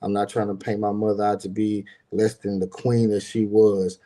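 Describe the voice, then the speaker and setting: A middle-aged business owner tells a personal story straight to his viewers, rambling, slangy, and swearing freely in a casual monologue. His warm voice sits on the low side with little pitch movement, at a normal speed.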